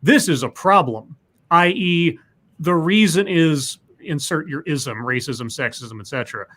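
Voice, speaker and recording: Higher-pitched man in casual chat. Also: fairly bright tone. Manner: dry, brief agreeing replies. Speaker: podcast co-host.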